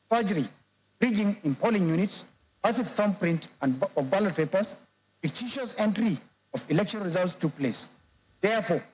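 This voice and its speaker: A man with a Nigerian English accent, serving as a judge and reading a court judgment aloud in a measured, formal way. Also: high voice, a little mellow, poor audio.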